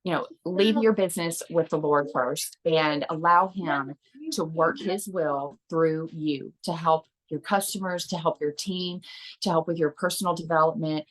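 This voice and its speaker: Low-voiced woman, earnest and rambling, sharing encouragement with her team. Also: moderate pace, rough recording. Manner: earnest, rambling with fillers and restarts. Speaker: team member sharing at an online meeting. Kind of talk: casual motivational talk.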